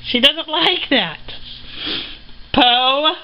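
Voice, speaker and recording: A woman's voice: sits high, expressive, drawn-out words, muffled recording, slight background noise. A woman filming a casual home video, chatting to her puppies and pets in a sing-song voice and laughing often.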